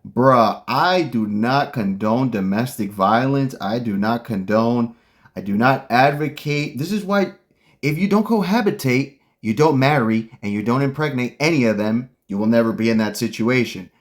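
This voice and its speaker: A man's voice: mid-range voice, moderate pace. A man hosting a casual commentary, ranting bluntly and heatedly with lots of slang. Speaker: commentary host.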